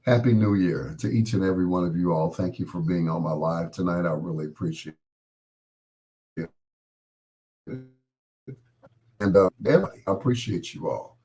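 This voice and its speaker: A middle-aged live stream host with a deep, dark voice talks at normal speed but pauses often. Still getting his voice back after being ill, he chats loosely with his live viewers, joking and wandering between asides as he speaks straight to them.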